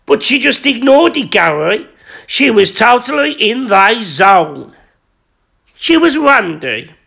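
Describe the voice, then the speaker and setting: Very high-voiced crude podcaster. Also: male voice, vocal fry, bright, forceful tone. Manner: rambling, crude, self-important. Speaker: podcast host. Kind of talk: deadpan comic reading of his own erotic story.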